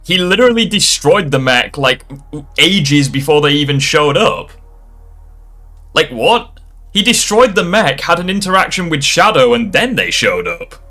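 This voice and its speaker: A man's voice: on the high side, big pitch swings, a little slow, bright, forceful tone, faint music behind. A young man reacting live to a video, sarcastic and exasperated, swearing often.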